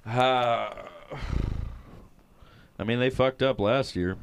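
A man's voice: mid-range voice, takes it slowly, gravelly, clear, resonant tone. A man co-hosting a casual sports chat with friends, laid-back and swearing freely. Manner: laid-back, swears, breaks into loud mock accents. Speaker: podcast co-host.

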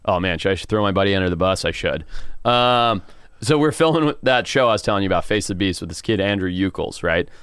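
A man guest on a podcast telling a wild story in a casual, animated way, swearing and laughing now and then. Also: low-pitched, fast talker, clear, resonant tone, no echo. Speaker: podcast guest, wildlife TV presenter.

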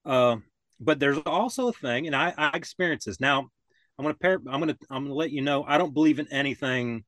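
An older man spins a long yarn in relaxed, easy talk. He circles back on himself, restarts his sentences and acts out the voices of the people in his story. The sound is dry and close. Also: medium pitch, fairly quick, no echo. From Florida. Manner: rambling, restarts often, acts out quoted voices. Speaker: podcast guest. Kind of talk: casual storytelling.

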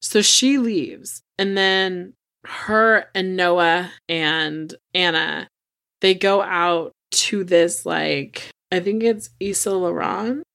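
A woman's voice: on the low side, slow pace, creaky, fairly bright tone. A woman co-hosting a podcast, recapping a TV episode in casual chat, cursing freely and acting out characters' lines. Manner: chatty, swears freely, acts out characters' lines. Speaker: podcast co-host.

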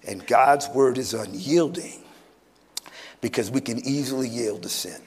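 A man preaching a sermon at a conference, animated, swinging from loud bursts to hushed tones. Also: medium pitch. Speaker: pastor. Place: conference hall, live audience.

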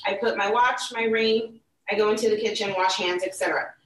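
A woman telling a personal story in casual chat, animated and acting out the people she quotes. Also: medium pitch, fairly quick. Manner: animated, acts out quoted voices, laughs through tears. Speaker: podcast guest telling a story. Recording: echoey room, mic at a distance.

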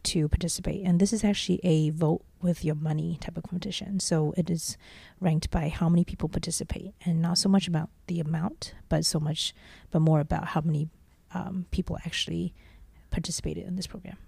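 Gravelly low-voiced woman, earnest. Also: fairly even intonation, fairly quick, few pauses, mellow, dry recording. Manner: earnest, repeats and restarts phrases. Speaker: startup CEO, interview guest. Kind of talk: casual interview answers.

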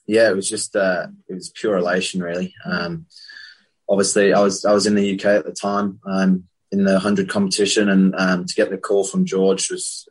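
A cricketer speaking with an Australian accent and a trace of Yorkshire, answering an interview question haltingly with plenty of ums. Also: male voice, low-pitched, breathy edge, rough recording. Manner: halting, many ums and yeahs.

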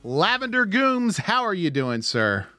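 A man hosting a gaming podcast in easygoing chat, upbeat and quick to laugh. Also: high-pitched, sing-song, pushed and bright, soft background music. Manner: upbeat, chatty, laughs easily. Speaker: podcast host.

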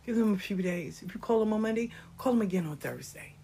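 A middle-aged woman sharing life lessons in a passionate, animated monologue, dropping into whispered asides. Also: mid-range voice, fast talker, gravelly, a little hiss or hum. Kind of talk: conversational monologue.

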